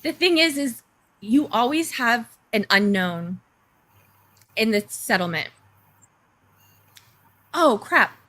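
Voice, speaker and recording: A woman's voice: fairly high pitch, animated, slow, long pauses, sharp tone. A woman chatting casually on a remote call, explaining legal points in a plain, conversational way. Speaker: co-host discussing a court case.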